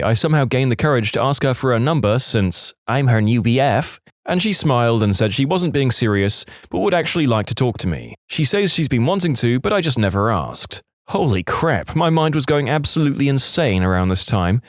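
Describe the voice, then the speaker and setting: A man narrating online stories aloud with a playful, expressive storytelling manner, acting out the quoted lines. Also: medium pitch, no echo, clean studio sound.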